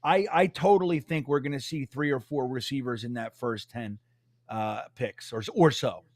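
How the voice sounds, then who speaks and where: A man's voice: mid-range voice, normal speed, darkish tone, dry recording. A man co-hosting a live stream, rambling and joking in loose banter with some swearing. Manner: rambling, swears, laughs often. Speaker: co-host. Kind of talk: casual banter.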